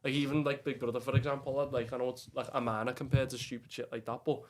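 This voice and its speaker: Rambling Scouse lad, flat monotone. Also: male voice, medium pitch, fast. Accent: Liverpool Scouse. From England. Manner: rambling, heavy with fillers and swearing, says "lad" often. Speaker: podcast guest. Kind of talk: casual chat.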